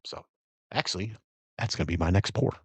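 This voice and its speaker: Middle-aged man, very low voice, dry close mic; relaxed rambling livestream host tasting and chatting. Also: brisk, slightly rough, no room sound. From Virginia area, USA. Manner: relaxed, rambling, savoring and reacting to sips. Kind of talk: casual live-stream chat.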